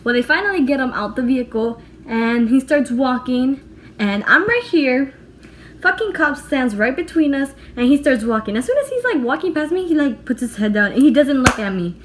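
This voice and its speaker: A young woman telling a storytime vlog, animated and emphatic, swearing freely. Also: high voice, moderate pace. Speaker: vlogger. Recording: echoey room with faint background noise.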